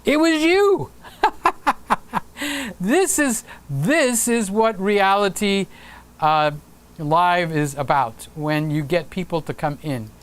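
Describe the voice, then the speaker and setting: A man's voice: high voice, animated, slow, pauses often. A man hosting a casual livestream, chatting upbeat and reading viewer comments aloud with frequent fillers. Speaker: livestream host.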